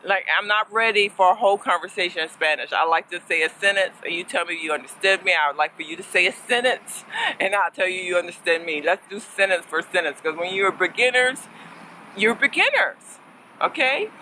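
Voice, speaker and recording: Casual woman learner-teacher, bright tone, talky and playful, sprinkles in Spanish words. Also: on the low side, brisk, slight background noise, rough recording. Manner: chatty and playful, laughs often, mixes in Spanish words. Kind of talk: casual vlog lesson.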